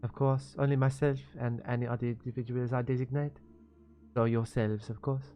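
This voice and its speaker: A man's voice: mid-range voice, little pitch movement, mellow, soft background music, natural voice. A man voicing a poised woman tech mogul with a put-on French accent, speaking formally in a tabletop role-play. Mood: composed. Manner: formal, courteous, measured.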